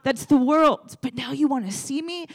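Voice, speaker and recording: Jesus, gently rebuking, as a woman preacher voices him. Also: high-pitched, normal speed, pitched above the performer's own voice. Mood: reproachful. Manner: pointed, questioning.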